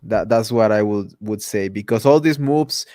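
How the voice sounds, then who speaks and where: A man's voice: lowish voice, moderate pace, warm tone, no echo, clean studio sound. A man from Mexico chatting casually on a live stream, laughing often between restarts. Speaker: podcast host.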